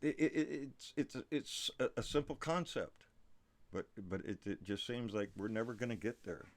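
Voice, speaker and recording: A man hosting a casual livestream, talking excitably with frequent swearing and stumbling restarts. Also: medium pitch, moderate pace. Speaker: livestream host. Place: South Texas.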